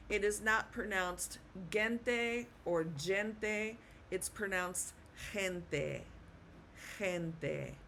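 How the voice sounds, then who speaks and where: A woman teaches Spanish pronunciation slowly and patiently in a classroom style, repeating words and checking in with "okay?". Her voice is medium-pitched and a bit bright, with slight background noise.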